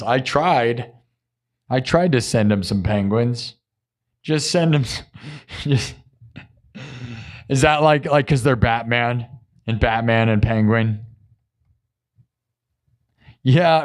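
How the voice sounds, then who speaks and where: A man's voice: medium pitch, slow, pauses often. Man, casual stream host, chatty, laughs a lot, mid-range voice. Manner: chatty, laughs often, acts out quotes. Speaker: live-stream musician host. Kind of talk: casual live-stream chat.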